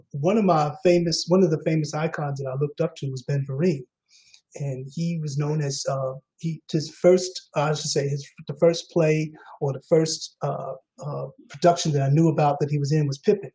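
A man's voice: on the high side, fairly even intonation, normal speed, dark tone, poor audio. A man, a guest actor, telling his story in a rambling way with many fillers and restarts. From Queens, New York. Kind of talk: casual interview talk.

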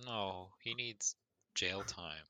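A man's voice: low voice, takes it slowly, sharp tone. A man co-hosting a podcast in casual chat, answering with dry, brief replies. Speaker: podcast co-host.

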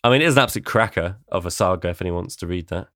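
A man's voice: low voice, animated, rapid-fire, a bit bright, no room sound, clean studio sound. A man co-hosting a podcast, chatting wryly and explaining poetry at length. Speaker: podcast co-host. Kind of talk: casual chat about poetry.

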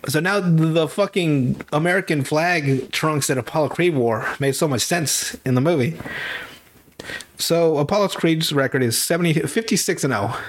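A man's voice: on the high side, slight background noise. A young man hosting a podcast who casually recaps movies, rambles and swears often. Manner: rambling, swears often, acts out characters with quick put-on voices. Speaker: podcast host.

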